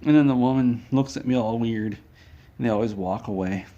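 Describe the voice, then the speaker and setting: A man at a middle pitch who tells an absurd comic story in a flat, deadpan way. His voice sounds dull and a little muffled, as if the recording cut off the highs. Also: brisk, slight background noise. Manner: deadpan with mock ad plugs. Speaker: comedic storyteller.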